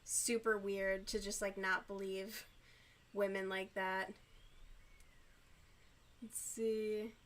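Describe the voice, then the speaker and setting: A woman's voice: medium pitch, flat delivery, slow, long pauses, fairly bright tone. A woman chatting casually on a livestream while crocheting, loose and full of fillers as she reacts to chat.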